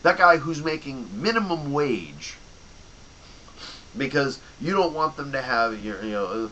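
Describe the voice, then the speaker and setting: A man's voice: mid-range voice, sing-song, unhurried, sharp tone, a little hiss or hum, poor audio. A young man ranting to camera in a heated, sarcastic way, swearing freely and mocking people, worked up after drinking. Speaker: vlogger and bookstore clerk. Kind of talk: angry profane rant to camera.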